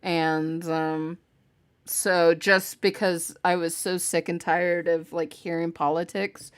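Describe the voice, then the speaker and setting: A woman's voice: on the low side, level tone, takes it slowly, smooth. A woman from the United States hosting a podcast, chatting casually and laughing often while telling stories. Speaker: podcast host. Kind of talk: casual group chat.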